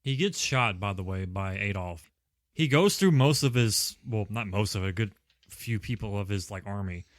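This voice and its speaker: A man's voice: lowish voice, lively intonation, moderate pace, dry recording, clean studio sound. A man co-hosting a podcast, walking through a film's plot in casual chat, swearing casually and quoting characters. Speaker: podcast co-host. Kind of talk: casual movie recap chat.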